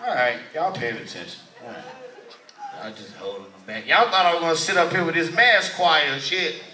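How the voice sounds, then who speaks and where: A male stand-up comedian doing loud, profane crowd work in a church hall venue. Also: fairly high pitch, lively intonation, a little fast, a little hiss or hum. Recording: echoey hall, mic from far.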